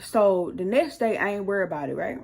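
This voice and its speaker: A woman's voice: medium pitch, expressive, a little fast, gravelly, darkish tone. A woman hosting her own channel, telling a rambling storytime full of profanity and acting out her heated arguments. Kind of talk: casual storytime monologue.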